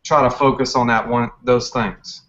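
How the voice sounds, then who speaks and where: A man guest on a live stream, talking casually in a relaxed, rambling way. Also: medium pitch, moderate pace, highs cut off. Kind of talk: casual chat.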